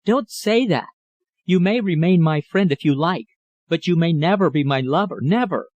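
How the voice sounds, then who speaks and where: A man reading an audiobook, voicing a grave young woman who turns down a suitor in a cool, earnest manner, her voice low and sweet. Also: expressive, moderate pace, a little mellow, no echo, muffled recording, natural voice. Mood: firm refusal.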